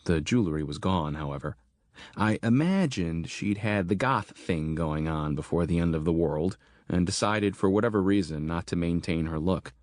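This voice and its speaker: A man narrating a horror audiobook in a steady, measured storytelling manner. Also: low voice, no echo, clean studio sound.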